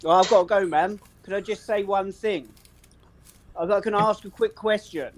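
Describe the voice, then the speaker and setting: A man's voice: sits high, steady tone, normal speed, slight background noise. A man, bantering and swearing in casual chat. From South East London. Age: 40s.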